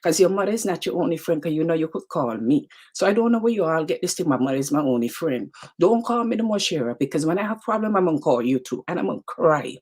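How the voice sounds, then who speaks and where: Husky Caribbean woman hosting an emphatic live talk. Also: on the low side, expressive, fast, hardly any pauses, darkish tone. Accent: Caribbean English. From Caribbean islands. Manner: emphatic, repeats phrases, talks straight to viewers by name. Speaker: show host. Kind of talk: live motivational talk to viewers.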